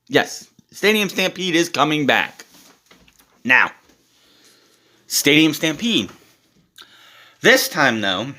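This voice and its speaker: A young man talks in a loose, casual review style, blunt and exasperated, with frequent swearing. His voice is bright and forceful, pitched in the middle for a man. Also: expressive, takes it slowly, long pauses. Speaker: wrestling show reviewer.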